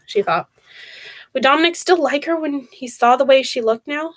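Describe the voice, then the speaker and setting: A woman streamer reading a horror novel aloud, expressive, with occasional stumbles and restarts. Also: a little high, moderate pace, no room sound.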